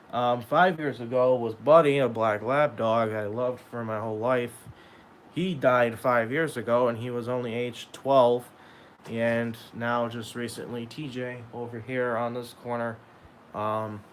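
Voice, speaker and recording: A young man talking in an emotional vlog monologue, halting and repeating himself as he speaks of loss. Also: medium pitch, slight background noise, rough recording. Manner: halting, repeats and restarts, sad. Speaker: YouTuber.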